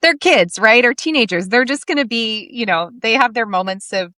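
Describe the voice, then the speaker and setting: A woman's voice: fairly high pitch, animated, normal speed, bright, forceful tone, no room sound, studio quality. A middle-aged woman hosting a podcast interview, talking earnestly and telling stories with quoted dialogue. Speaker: podcast host. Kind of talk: casual interview chat.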